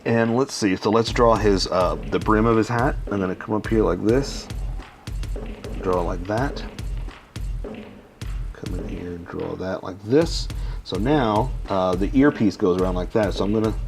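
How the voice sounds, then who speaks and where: A man narrating each stroke of a step-by-step drawing lesson, rambling a little with many pauses and fillers. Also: lowish voice, vocal fry, soft background music. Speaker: drawing instructor. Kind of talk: casual step-by-step drawing tutorial.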